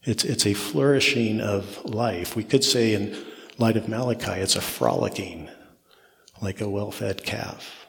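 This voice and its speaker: A man's voice: on the low side, unhurried, vocal fry, a bit bright. A man preaching an expository sermon, repeating phrases for emphasis as his intensity rises and falls. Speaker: pastor. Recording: long reverb of a large hall.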